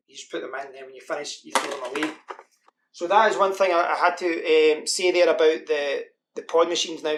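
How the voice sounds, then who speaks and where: A man's voice: a little high, a bit bright. A man from the UK giving a casual, rambling product demo at home. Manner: chatty, rambling with fillers. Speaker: product reviewer. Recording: echoey room with faint hiss.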